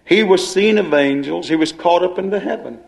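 A man's voice: high-pitched, a little fast, vocal fry, a little mellow. A male preacher delivering a sermon, dwelling on and repeating key phrases as he explains scripture.

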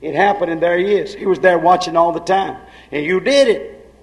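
High-voiced man preaching a fervent sermon. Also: moderate pace, poor audio. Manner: fervent preaching, swinging between hushed and shouted lines.

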